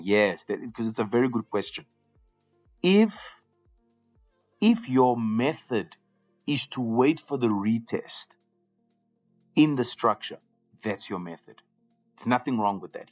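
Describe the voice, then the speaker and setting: A man hosting a live trading room, talking casually to viewers and often repeating words as he goes. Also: mid-range voice. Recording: slightly dull lo-fi audio with faint music.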